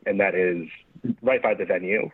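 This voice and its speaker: A man co-hosting a podcast in casual chat, calm and measured, agreeable. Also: deep voice, no room sound. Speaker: podcast co-host. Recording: tinny phone-like line.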